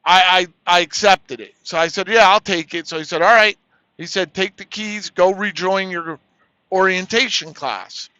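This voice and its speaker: A truck driver telling a frank, profane story in casual chat, retelling each exchange as dialogue. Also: male voice, sits high, normal speed, pushed and bright, no room sound. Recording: dry, slightly dull lo-fi audio.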